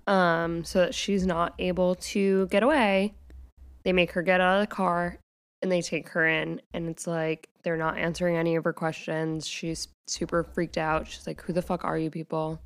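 A woman's voice: on the low side, flat delivery, moderate pace, clean tone. A woman co-hosting a podcast, casually recapping a TV episode and quoting the characters as she goes. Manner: retells scenes with quoted voices, says "like" often. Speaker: podcast co-host.

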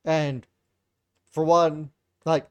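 A man with a somewhat high voice recaps news on a casual podcast call. He talks loosely, with plenty of fillers between points. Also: little pitch movement, extremely slow, smooth, dull audio. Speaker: podcast co-host. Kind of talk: casual chat.

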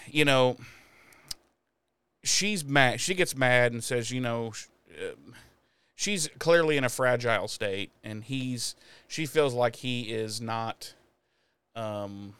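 A man's voice: mid-range voice, fairly bright tone, clear, resonant tone, dry recording. A man co-hosting a podcast who casually recaps an episode in profane language, laughs often and acts out characters in voices. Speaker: podcast co-host.

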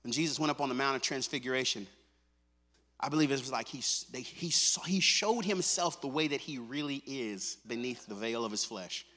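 Man preaching fervently, bright and ringing. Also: mid-range voice, normal speed, long reverb tail. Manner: swings from soft, intimate talk to loud, fervent preaching; repeats phrases, conversational with fillers like "man" and "come on". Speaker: pastor. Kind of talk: sermon. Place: church sanctuary.

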